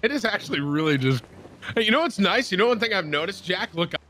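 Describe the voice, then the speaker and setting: A young man playing a pirate game with friends, shouting and joking through the excited banter. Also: sits high, fast. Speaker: game player.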